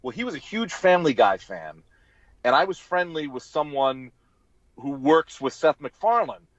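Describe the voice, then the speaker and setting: A man's voice: a little high, moderate pace, dry recording. A man, a former sideline reporter, telling stories in an interview and acting out what people said. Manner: lively anecdote teller who acts out quotes. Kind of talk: interview storytelling. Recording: dull, dry podcast audio.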